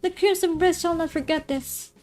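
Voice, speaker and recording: A woman's voice: very high voice, normal speed, darkish tone, faint music behind, voice pushed up. A woman voicing a theatrical young man who speaks in grand, flowery phrases. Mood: grandiose. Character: theatrical dramatic young male bird.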